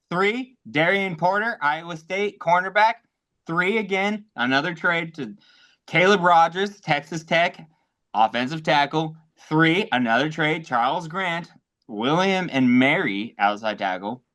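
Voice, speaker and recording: A man co-hosting a casual sports podcast, excitable and profane, laughing often. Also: on the high side. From American South. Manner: excitable, swearing, quick to laugh. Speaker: podcast co-host.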